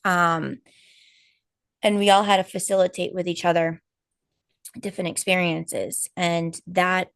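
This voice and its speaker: Low gravelly woman telling a story. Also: measured pace, pauses often, no room sound, studio quality. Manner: animated storytelling with many fillers and quoted asides. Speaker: co-host of a spiritual healing live stream. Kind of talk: casual chat.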